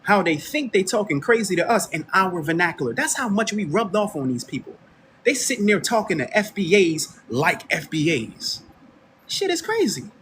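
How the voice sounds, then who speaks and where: A man's voice: high-pitched, sing-song, normal speed, a bit bright, a little hiss or hum. An American man hosting an online radio show, delivering a confrontational, preachy commentary monologue straight at his listeners. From United States.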